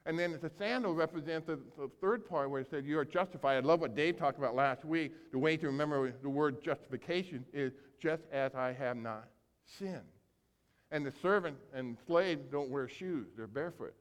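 A man preaching a sermon as pastor, telling a story with animated acting-out of characters and big swings between loud and soft. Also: a little high, moderate pace. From grew up on a small farm. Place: church sanctuary. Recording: long hall reverb.

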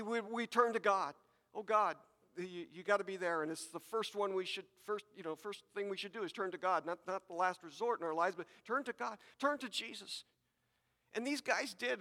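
A man's voice: sits high, sharp tone, long reverb tail. A man preaching a sermon to his congregation, talking conversationally with repeated words and asides. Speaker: pastor.

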